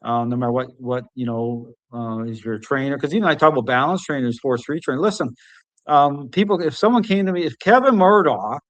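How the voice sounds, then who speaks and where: Animated male podcast host. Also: mid-range voice, a little fast, dry recording. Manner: animated, emphatic storytelling. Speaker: podcast host and dog trainer. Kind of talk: casual conversation.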